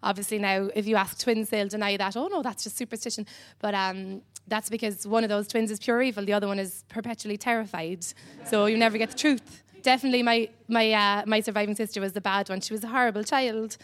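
An Irish woman from Ireland doing stand-up comedy on a club stage, rambling and dry with many pauses and "um"s. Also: mid-range voice, steady tone.

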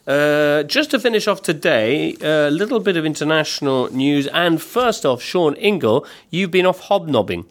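A man's voice: a little high, expressive, normal speed, hardly any pauses. A man hosting a casual football podcast, chatty and self-deprecating as he reads out listener posts. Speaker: podcast host.

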